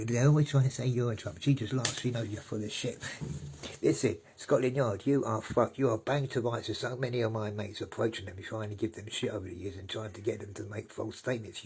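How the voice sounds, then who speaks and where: A man's voice: lowish voice, a little hiss or hum, low-quality recording. Sweary ranting man. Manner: sweary, ranting, repeats "yeah?". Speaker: vlogger. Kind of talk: angry rambling monologue.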